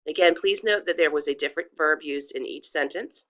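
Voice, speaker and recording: A woman teaching a Spanish class in a recorded walkthrough. She talks patiently with frequent ums and restarts, and slows right down to model each word. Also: low voice, fairly bright tone.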